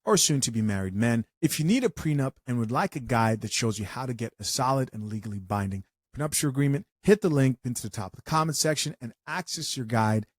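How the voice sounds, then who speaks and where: A man hosting a podcast, delivering a scripted sponsor message briskly. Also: medium pitch, animated, no echo. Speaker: podcast host.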